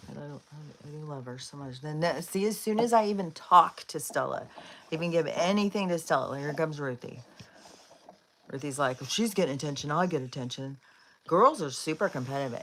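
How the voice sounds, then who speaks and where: A woman's voice: low-pitched, lively intonation, moderate pace, fairly bright tone, a little hiss or hum. A woman hosting a live stream, rambling casually and chatting to her dogs between thoughts. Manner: chatty and rambling, with frequent fillers and laughs; talks to her dogs in a coaxing voice.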